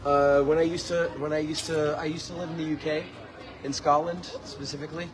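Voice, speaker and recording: A man's voice: fairly high pitch, level tone, fairly quick, a crowd in the background. A man being interviewed as a touring musician, chatty and hesitant, with lots of ums. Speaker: musician guest. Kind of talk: casual interview. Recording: noisy background.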